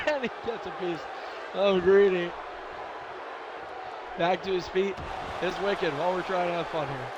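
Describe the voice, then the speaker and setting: A high-voiced man calls a video game wrestling match live, shouting at the big moves and cracking jokes in between. Behind him, a roaring crowd and heavy noise fill the stream. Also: measured pace, long pauses, muffled recording. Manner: excitable, shouting at big moves, laughing asides. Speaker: play-by-play commentator.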